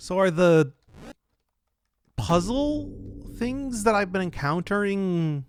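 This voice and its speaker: A man narrating his own puzzle-game playthrough at an unhurried pace, his voice rising and falling in a lively way. He thinks aloud, hesitates often, and breaks into sudden excitement, with faint keyboard clicks behind him. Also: sits high, a little hiss or hum. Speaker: let's play host. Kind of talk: let's play commentary.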